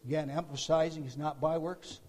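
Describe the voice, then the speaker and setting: A man's voice: on the high side, fairly even intonation, brisk, darkish tone. A man preaching a sermon, telling a story with emphatic bursts and repeated words. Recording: long hall reverb.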